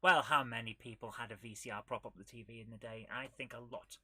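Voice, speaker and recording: A woman's voice: very deep voice, fairly even intonation, fast talker, pushed and bright. A woman hosting a casual retro gaming live stream, chatting and muttering to herself as she clicks through menus. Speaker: retro gaming show host.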